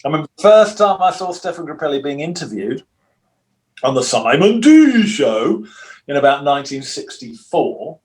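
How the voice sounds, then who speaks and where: A man's voice: on the high side, very animated, moderate pace, a little mellow. Older man, rambling storyteller. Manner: rambling storyteller who acts out quoted voices. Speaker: guitarist guest. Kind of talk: relaxed anecdotal interview.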